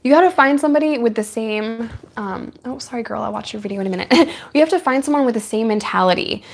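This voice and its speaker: A woman's voice: a little high, quick pace, vocal fry. Woman, livestream host, casual chat, chatty, frequent laughter. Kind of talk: casual live chat with viewers.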